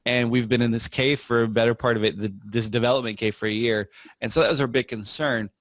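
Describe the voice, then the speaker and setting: A man speaking as a podcast guest, telling a story in a relaxed, rambling way with frequent fillers and restarts. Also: mid-range voice, fast, no room sound. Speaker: podcast guest, software founder. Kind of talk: casual interview storytelling.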